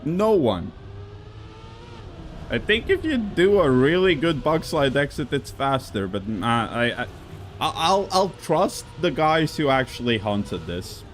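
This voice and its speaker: A man's voice: medium pitch, very animated, slow pace, slight background noise. A man casually commenting on racing game records on a live stream, rambling with many fillers and an occasional cough. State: coughing now and then.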